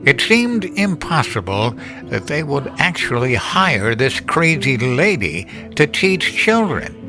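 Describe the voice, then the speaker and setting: A man giving scripted horror story narration in a measured, deliberate storytelling manner. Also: mid-range voice, very animated. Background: music.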